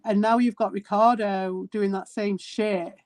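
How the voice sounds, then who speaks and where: A woman's voice: mid-range voice, steady tone, a little slow, darkish tone, no echo. A woman streamer in casual chat, blunt and exasperated, swearing a lot.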